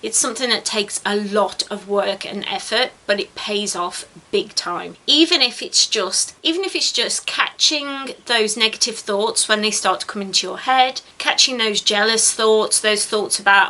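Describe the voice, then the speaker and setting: A woman's voice: medium pitch, normal speed, few pauses, sharp tone. A tired woman vlogger talking to camera, giving earnest, encouraging self-help advice and repeating words for stress. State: tired, yawning.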